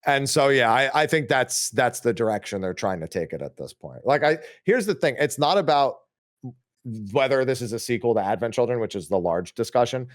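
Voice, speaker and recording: Measured man explaining on a podcast. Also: mid-range voice, sing-song, dry recording, clean studio sound. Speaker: podcast guest. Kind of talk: casual podcast discussion.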